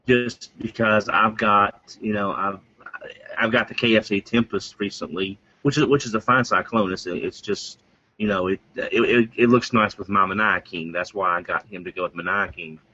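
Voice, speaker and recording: A man's voice: on the low side, steady tone, normal speed, bright, forceful tone, breathy edge. A man co-hosting a podcast in casual chat, enthusiastic and rambling, often restarting his sentences. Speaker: podcast co-host. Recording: muffled lo-fi audio.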